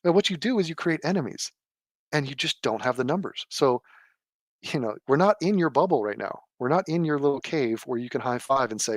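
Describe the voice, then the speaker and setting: A man's voice: sing-song, normal speed, dry recording. A man giving sarcastic, mocking live commentary from a desk at home. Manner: sarcastic, mocking, mimics people in a low mumble. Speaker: political commentator.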